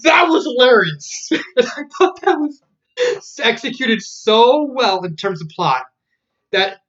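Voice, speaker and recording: A man's voice: very high-pitched, lively intonation, slow pace, a bit bright, highs cut off. A man casually reviewing a fan story, rambling with many fillers and restarts. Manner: rambling, filler-heavy retelling.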